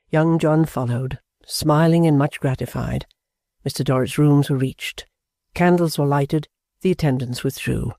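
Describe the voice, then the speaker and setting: An audiobook narrator reading a classic novel in a measured, even storytelling manner. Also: mid-range voice, no room sound, clean studio sound.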